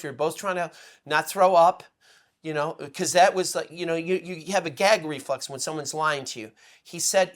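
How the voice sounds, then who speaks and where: A man speaking as a guest on a political talk show, emotional and rambling, swinging between loud outbursts and hushed asides. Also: on the high side. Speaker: guest commentator. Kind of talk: impassioned political commentary.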